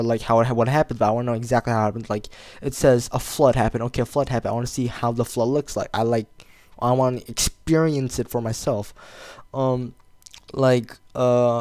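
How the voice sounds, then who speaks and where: Teen male vlogger, average pitch, hesitant and rambling, heavy on fillers. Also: darkish tone. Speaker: video blogger. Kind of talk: casual rambling monologue.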